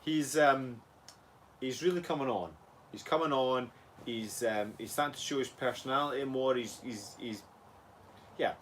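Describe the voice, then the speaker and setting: A man's voice: medium pitch, normal speed, long pauses, fairly bright tone, slight background noise. A Scottish man co-hosting a casual live chat, chatty and earnest, laughing easily. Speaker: co-host.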